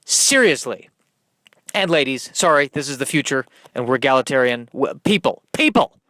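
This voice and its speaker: A man's voice: mid-range voice, lively intonation, moderate pace, sharp tone, no room sound. Man doing a nervous starship captain, stammering, apologetic, comedy sketch, dry close sound. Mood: sheepish. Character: flustered, dithering male starship captain.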